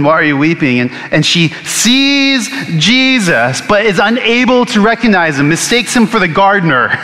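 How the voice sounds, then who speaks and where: Preacher guy, high bright voice, acts out the quotes, drops to a hush sometimes, echoey hall. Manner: storytelling, acts out quoted lines, drops to hushed tones. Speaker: pastor. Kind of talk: sermon. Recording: long hall reverb.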